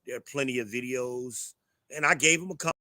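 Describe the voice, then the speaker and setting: A man's voice: medium pitch, a little fast, pushed and bright, no room sound. A middle-aged man hosting his own show, ranting bluntly and profanely to a live chat. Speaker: show host.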